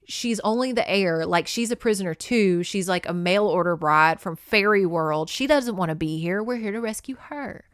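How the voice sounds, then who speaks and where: A woman playing a young Highland man, flustered, pleading, slightly raised pitch, dry close sound. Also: no room sound, natural voice. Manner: pleading, rapid denials.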